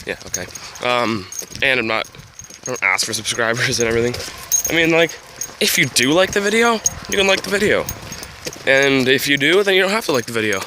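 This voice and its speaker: A teenage boy chats to his handheld camera in a loose, rambling way, full of ums and little laughs. His pitch is ordinary for a young man. The recording is noisy, with wind and heavy rain behind him outdoors. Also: expressive, a little fast. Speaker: vlogger. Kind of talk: casual vlog talk to camera. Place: home, then outdoors by a road in heavy rain.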